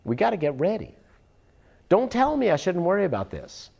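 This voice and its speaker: A man's voice: high-pitched, huge pitch swings, normal speed, vocal fry, dark tone, breathy edge, lo-fi sound. A man ranting sarcastically in political commentary, often turning aside to address an unseen listener.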